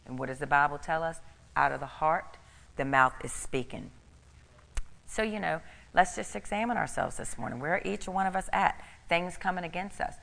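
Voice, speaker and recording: A woman's voice: sits low, expressive, moderate pace, creaky, fairly bright tone, in a large hall. A middle-aged woman preaching a sermon, emphatic and repeating key phrases for stress.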